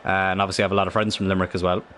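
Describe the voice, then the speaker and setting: Rambling Irish streamer from Cork. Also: male voice, low voice, level tone, very fast, a bit bright, a little hiss or hum. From Ireland. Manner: rambling, self-correcting. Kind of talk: casual gaming stream chat.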